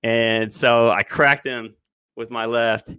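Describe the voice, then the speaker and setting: A man's voice: mid-range voice, steady tone, slow pace, pushed and bright, clear, resonant tone, no echo. A man in his twenties telling a long story in casual podcast chat, rambling and loose. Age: 20s. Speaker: podcast co-host.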